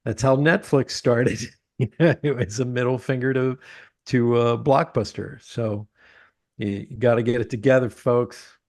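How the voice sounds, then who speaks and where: A man's voice: medium pitch, measured pace. A man hosting a business interview, telling stories with laughs and frequent filler words. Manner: animated storyteller, laughs often, many uh fillers. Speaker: podcast host. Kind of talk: casual interview chat.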